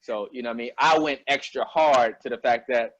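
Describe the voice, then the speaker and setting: A man from Albany, New York, interviewing a guest in a relaxed, slangy way, often asking "you know what I mean?". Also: mid-range voice, fairly quick. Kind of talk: casual conversational interview.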